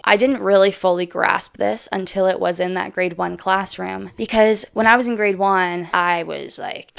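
A young Canadian woman vlogging off the cuff, her voice sitting at an ordinary middle pitch with a lot of gravelly fry at the ends of phrases. She talks emphatically and swears freely. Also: fairly bright tone. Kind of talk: casual monologue to camera.

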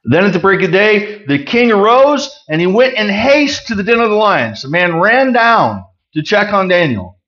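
A man delivers a sermon in a chatty, emphatic way, reading the text and then breaking it down plainly. His voice sits fairly high for a man. The recording is dull and muffled, with little crispness at the top. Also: very animated, normal speed, hardly any pauses, a bit bright. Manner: conversational, reads scripture then explains it plainly. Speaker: Bible teacher. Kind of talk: sermon, Bible teaching.

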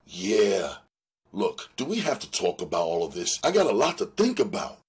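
A man's voice: low voice, huge pitch swings, moderate pace, a little mellow, breathy edge, full character voice. A man reading a young gang leader who brushes off his girlfriend, curt and dismissive.

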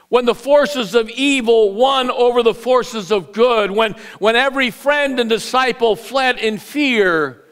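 A middle-aged pastor with a smooth voice gives a sermon inside a church sanctuary. He builds his point through repetition, shifting from loud, raised bursts to quiet asides in a lower register.

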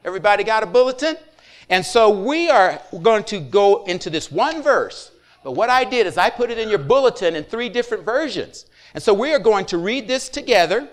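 High-voiced man preaching a sermon. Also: sing-song, a little fast. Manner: conversational preaching with call-and-response asides. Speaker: pastor.

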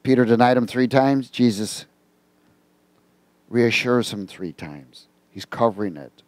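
A man's voice: medium pitch, animated, measured pace, darkish tone, no echo. A male pastor delivering a conversational sermon, reading scripture and quizzing his congregation.

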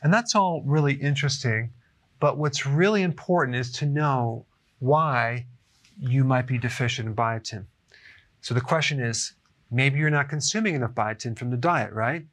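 Casting: middle-aged man, mid-pitched, chatty health explainer to camera, frequent "okay?" check-ins. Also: normal speed, fairly bright tone. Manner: chatty, often adds "okay?". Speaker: health educator. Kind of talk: casual explainer talk to camera.

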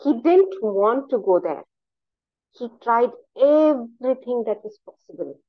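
A woman telling a story aloud in a measured, expressive way with dramatic pauses, over a video call. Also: on the high side, no room sound, lo-fi sound. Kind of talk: oral storytelling narration.

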